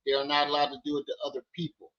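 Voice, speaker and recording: Male streamer on daddy duty, bright ringing tone, a bit high, dull lo-fi stream audio. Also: rapid-fire. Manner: loud playful teasing with his kids, then relaxed talk. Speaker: live stream host. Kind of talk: casual live stream chat. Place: at home with children.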